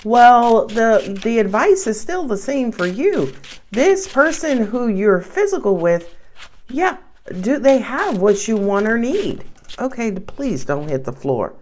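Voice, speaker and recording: A woman's voice: a little high, takes it slowly, a little hiss or hum. Chatty tarot-reading woman, New York accent. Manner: chatty and animated, slangy asides. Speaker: tarot reader. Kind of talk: casual tarot reading to camera.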